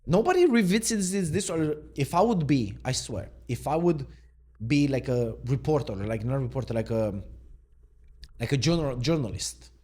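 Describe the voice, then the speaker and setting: A man's voice: mid-range voice, expressive, normal speed, a little mellow. A man from Romania, a mindset coach giving an unscripted reaction, wry and sarcastic.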